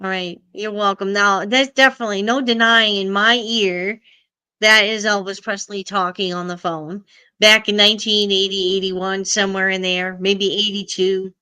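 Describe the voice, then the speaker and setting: A woman's voice: mid-range voice, fairly even intonation, moderate pace, pushed and bright, clean tone. A middle-aged woman hosting a casual live stream, chatting and answering viewers' comments.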